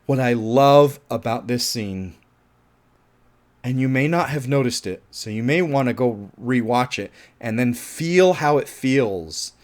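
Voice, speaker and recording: A man giving a casual film review monologue, animated and profane, laughing at his own points and turning loud when he finds something absurd. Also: mid-range voice, a little slow.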